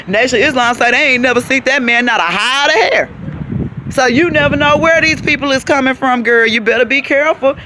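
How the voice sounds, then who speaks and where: While out on a city walk, a woman rants to the camera in an emphatic, preachy vlog, calling her listeners child and baby. Her voice is a little high, with a noisy background.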